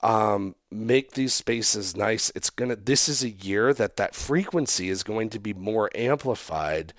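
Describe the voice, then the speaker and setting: A man hosting a podcast in a casual chat, talking in a relaxed, rambling way with plenty of fillers. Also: on the low side, measured pace, dry recording, clean studio sound. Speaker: podcast host.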